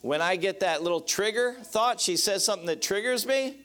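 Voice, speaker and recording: A male pastor preaching on marriage with a higher-pitched voice. He keeps it folksy and joking, breaks his points into numbered rules, and calls out for amens. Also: expressive, brisk, fairly bright tone, clear, resonant tone. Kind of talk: sermon on marriage.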